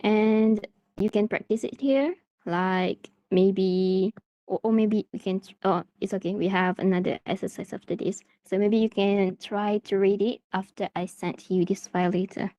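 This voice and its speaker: A woman's voice: medium pitch, steady tone, normal speed, warm tone, no echo. A woman from Malaysia teaching an English class over a video call, with many fillers and restarts. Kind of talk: online class instruction.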